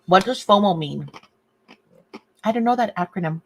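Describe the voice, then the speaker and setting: A woman talks casually through a crafting livestream, her pitch sitting in the middle of the range. She chats with viewers as she works, fussing now and then over a sore nail. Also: animated, moderate pace, slight background noise. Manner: chatty, reads viewer comments, fusses over a sore torn nail. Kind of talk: casual live chat while crafting.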